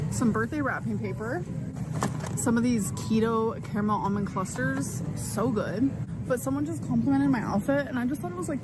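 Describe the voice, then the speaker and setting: A woman's voice: a little high, heavy background noise. A woman talking casually to her camera as a vlogger, chatty and full of "like.". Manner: chatty, peppered with "like". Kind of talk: casual vlog chat. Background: background music.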